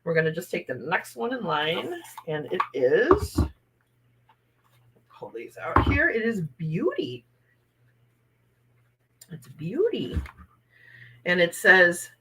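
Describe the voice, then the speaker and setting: A woman's voice: on the low side, sing-song, slow, pauses often, bright, forceful tone, slightly rough, rough recording. A woman, hosting a casual livestream from home and laughing often. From Wisconsin. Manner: chatty, laughs often, upbeat. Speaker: livestream host, oracle card reader.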